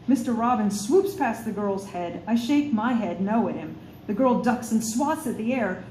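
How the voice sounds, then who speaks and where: A woman author reads her first-person storybook aloud, measured and expressive, tripping over a word now and then. Her voice sits in a middling pitch. The room sounds roomy, with a faint hiss behind. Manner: measured, expressive, with small slips. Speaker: author reading her book. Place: studio for a radio show.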